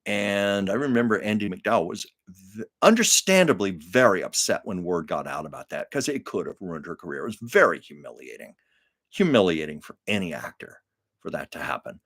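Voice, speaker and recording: An older man hosting a live chat, telling stories with a low voice that rises and falls a lot. He talks casually and laughs as he goes. The sound is dry and close. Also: animated, moderate pace, fairly bright tone, no echo. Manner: chatty storytelling, laughs often. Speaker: live stream host. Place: Los Angeles.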